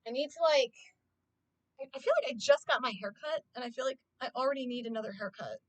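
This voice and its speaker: A woman's voice: sits high, fast talker, fairly bright tone, dry recording. A woman streamer in casual live-stream chat, talking freely to her viewers, swearing often and filling her talk with "like". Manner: chatty, swears often, heavy use of "like".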